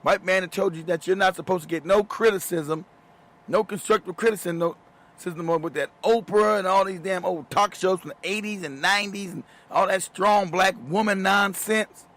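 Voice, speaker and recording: A man with a high-sitting, slightly bright voice hosts a show at normal speed. His monologue is casual, emphatic and profane, with frequent laughs in the middle of sentences.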